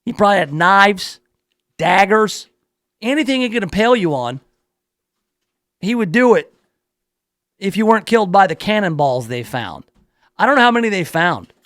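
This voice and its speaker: A man's voice: sits high, sing-song, normal speed, pauses often, fairly bright tone, dry recording. A male radio talk show host reading a news story aloud in a playful, riffing way, drawing out words for emphasis in his studio.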